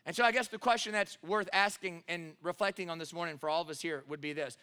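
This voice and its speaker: A man in his thirties preaching a sermon as pastor, telling a story in a relaxed way with many fillers and then pressing his point with emphasis. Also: a little high, quick pace, clear, resonant tone.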